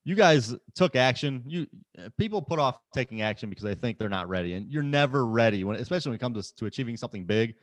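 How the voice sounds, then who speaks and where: A man's voice: medium pitch, animated, fast, no room sound. A man hosting a podcast, talking casually and emphatically, often repeating words as he starts a sentence. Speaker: podcast host. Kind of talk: casual conversation.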